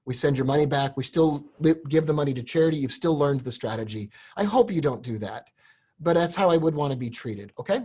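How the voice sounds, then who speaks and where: A man hosting a live stream, pitching a course with earnest, emotional directness to viewers. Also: brisk, a little mellow, breathy edge. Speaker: host selling a trading course.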